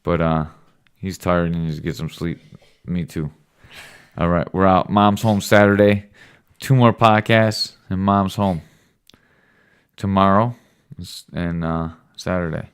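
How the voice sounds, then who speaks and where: A man's voice: low voice, a little slow, clear, resonant tone. A man talking casually as a father hosting a home podcast with his son, teasing and joking with him. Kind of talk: casual late-night chat.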